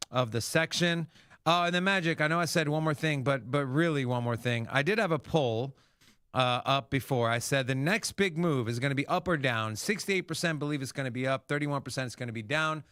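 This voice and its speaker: Dry-voiced excitable crypto host guy. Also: mid-range voice, brisk, clean tone, no room sound. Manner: casual, excitable, swears freely. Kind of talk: livestream market commentary.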